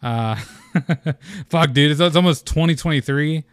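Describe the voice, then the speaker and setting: A young man hosting a casual gaming podcast alone, excitable and scatterbrained, rambling and swearing casually into a close mic. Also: fairly high pitch, measured pace, no echo. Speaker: podcast host. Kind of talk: casual solo podcast chat.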